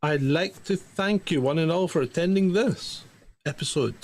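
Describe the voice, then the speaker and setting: A man's voice: a little high, normal speed, a little mellow. A man co-hosting a podcast, chatting casually in a giggly, dry way. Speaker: podcast co-host.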